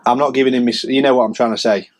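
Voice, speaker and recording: A man's voice: medium pitch, fairly even intonation, racing. A man giving a casual, rambling sales update as a reseller vlogger, chatty and self-mocking. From England.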